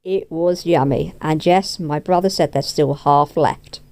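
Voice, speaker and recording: A woman's voice: sits low, a little slow, a little mellow. Chatty woman narrating a vlog. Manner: chatty, cheerful storytelling. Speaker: vlogger.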